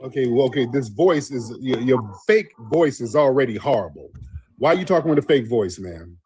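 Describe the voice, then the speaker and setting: A man's voice: mid-range voice, expressive, normal speed, a little mellow, a little hiss or hum. A man hosting a live call-in stream, blunt and loose, taking callers. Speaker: host.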